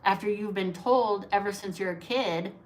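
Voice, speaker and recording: A woman's voice: medium pitch, moderate pace. A woman who teaches acting, talking casually to camera in a chatty, emphatic way, often checking in with "right?".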